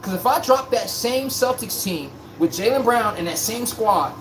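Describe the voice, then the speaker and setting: A man's voice: high voice, moderate pace, noisy background. A man hosting a live-streamed basketball talk show, talking bluntly in slang and answering his chat. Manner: blunt, animated, slangy, talks straight to chat. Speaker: sports podcast host.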